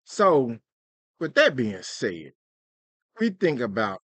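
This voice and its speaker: A man's voice: medium pitch, slow, no room sound. A man co-hosting a podcast in casual, slangy chat, playing out little skits as he talks. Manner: animated, slangy, plays out skits. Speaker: podcast co-host.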